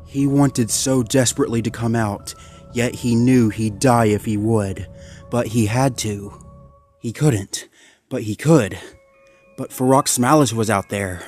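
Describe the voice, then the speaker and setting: A man narrates a dark horror tale as a voice-over, reading in a measured, dramatic way. His voice sits at an ordinary middle pitch. Quiet background music plays beneath him. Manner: measured, dramatic storytelling delivery. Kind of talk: scripted horror story narration. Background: faint background music.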